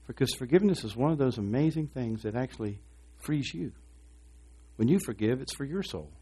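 A man preaches to a congregation with a husky, somewhat dark voice. He calls out for responses from the room and slips into short acted voices to make his point. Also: medium pitch, fairly quick. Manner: animated preaching with call-and-response, acting out voices. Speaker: pastor. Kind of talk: sermon.

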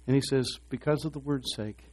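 A man's voice: medium pitch, brisk. A man preaching a sermon, asking the congregation to respond and acting out short voices. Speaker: pastor.

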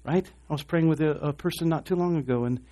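A man's voice: on the high side, fast, dark tone. A man preaching a sermon, asking the congregation to respond and acting out short voices. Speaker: pastor.

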